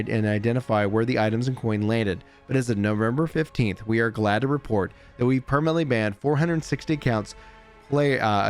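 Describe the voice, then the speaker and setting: A man who makes gaming videos, reading a developer update aloud and then chatting casually about it. He stumbles and restarts often and jokes at his own slips. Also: mid-range voice. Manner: reads haltingly with slips and restarts, chatty and self-deprecating. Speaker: gaming YouTuber.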